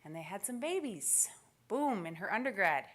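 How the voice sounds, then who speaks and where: A woman in her forties giving a motivational keynote speech, telling stories with lively acted-out quotes. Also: mid-range voice, normal speed. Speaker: keynote speaker. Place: conference stage.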